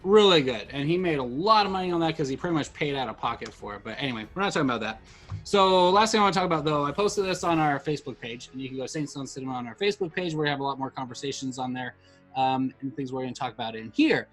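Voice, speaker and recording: A man's voice: medium pitch, fast, a bit bright, faint music behind. A middle-aged man co-hosting a podcast, rambling and getting emotional in casual chat, full of restarts. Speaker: podcast co-host.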